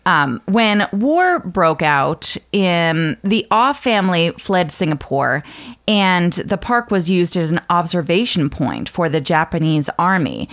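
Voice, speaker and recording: A woman with a lowish voice talks through her research notes on a casual podcast. She stops often with ums and restarts as she walks her co-host through it. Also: big pitch swings, takes it slowly, fairly bright tone. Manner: explains from notes with frequent fillers. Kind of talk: casual chat, reading notes.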